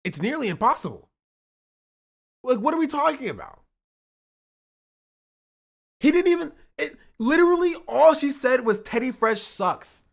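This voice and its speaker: A man's voice: extremely high pitch, big pitch swings, normal speed, vocal fry, long pauses. A man streaming, reacting in disbelief and repeating the same phrases over and over. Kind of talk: livestream reaction commentary.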